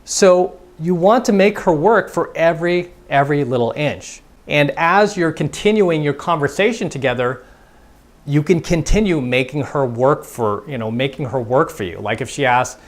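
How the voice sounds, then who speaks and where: A man's voice: fairly high pitch, expressive, normal speed. A man giving a casual, conversational dating lesson as a coach, acting out both sides of example conversations. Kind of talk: instructional monologue.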